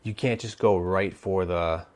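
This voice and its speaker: A man's voice: low-pitched, steady tone, a little slow. A man coaching on dating, giving casual advice while thinking aloud, with many restarts and fillers. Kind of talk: casual instructional talk.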